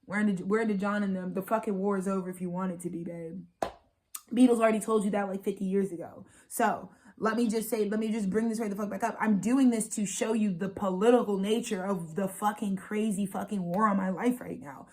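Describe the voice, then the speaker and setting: A young woman in her twenties rants through an unscripted spiritual vlog, her speech fast, profane and emphatic. She circles back to repeat her points, piling on "baby" and "like" as she builds momentum. Her pitch sits in an ordinary middle range for a woman. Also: fairly even intonation, darkish tone. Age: 20s. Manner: rapid, profane, emphatic and repetitive. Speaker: astrologer and spiritual channeler.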